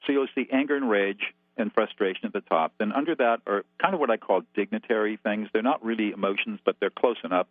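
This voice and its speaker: Brief: man guest expert, low-pitched voice, methodical step-by-step teacher, heard on a tinny phone line. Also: fast talker, few pauses, no echo. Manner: methodical, lays out numbered steps. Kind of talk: instructive phone-in explanation. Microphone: telephone.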